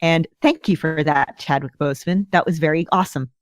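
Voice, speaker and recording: A woman co-hosting a fan podcast, chatting in an animated, enthusiastic way. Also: low voice, brisk, no room sound, clean studio sound. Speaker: podcast co-host. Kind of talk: casual podcast chat.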